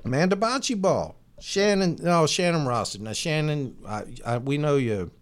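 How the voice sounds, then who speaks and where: Lively, playful man hosting a chat show. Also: fairly high pitch. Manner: playful, teasing, drawn-out name shout-outs. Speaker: podcast co-host. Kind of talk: casual chat.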